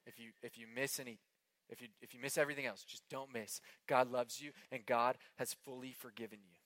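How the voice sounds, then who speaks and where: Bright-voiced earnest male preacher. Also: mid-range voice, fairly even intonation, fairly quick, dry recording. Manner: earnest, emphatic preaching with repeated phrases; swings between hushed and impassioned delivery. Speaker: pastor. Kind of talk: sermon.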